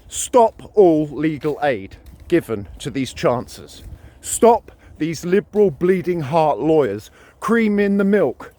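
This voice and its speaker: A British man ranting to camera with a fairly high voice that swings widely up and down. He hammers his points home, repeating words and phrases as he goes. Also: a little mellow. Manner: ranting, emphatic, repeats himself. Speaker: vlogger. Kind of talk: opinion monologue to camera.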